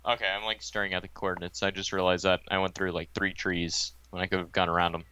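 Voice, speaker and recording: Bright, clear-voiced teen boy gamer. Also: deep voice, level tone, fast. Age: teens. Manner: playful, joking. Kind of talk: casual gameplay chat.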